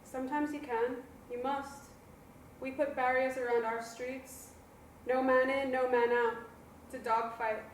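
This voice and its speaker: An actress playing a drunk young woman in a bar, speaking flatly and wearily. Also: high voice, a little slow, a little hiss or hum. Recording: echoey room, mic at a distance.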